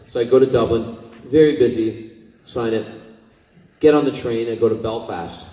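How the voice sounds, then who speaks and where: A man's voice: medium pitch, moderate pace, pauses often, dark tone. Scottish-born man telling stories in an echoey hall. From Scotland. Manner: rambling, emotional, many fillers. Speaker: convention guest actor. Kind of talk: convention panel storytelling. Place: convention hall. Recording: echoey hall, distant mic.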